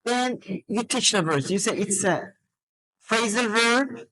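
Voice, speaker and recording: Slow, lively-pitched woman teaching a class. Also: rough recording. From Azerbaijan. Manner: drills students with questions and counted stress. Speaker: teacher trainer.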